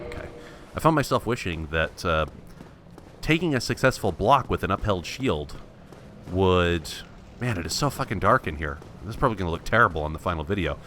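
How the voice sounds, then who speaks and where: A man's voice: low voice, a bit bright, slight background noise. A man thinking aloud in wry, self-mocking let's play commentary, restarting his sentences often. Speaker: gameplay commentator.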